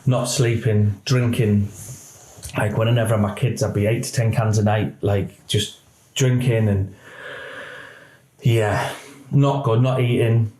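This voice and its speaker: Male, ex-police interview guest; low voice, halting, emotional delivery; roomy echo. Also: fairly even intonation, warm tone. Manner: halting, emotional retelling with many restarts. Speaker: podcast guest, former police officer. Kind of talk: candid interview storytelling.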